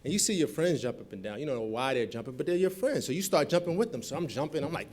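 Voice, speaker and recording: Middle-aged male speaker, lively keynote storyteller, acts out dialogue. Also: fairly high pitch, fast, few pauses. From Newark, New Jersey. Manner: animated storyteller acting out quoted dialogue. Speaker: guest speaker. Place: convention hall.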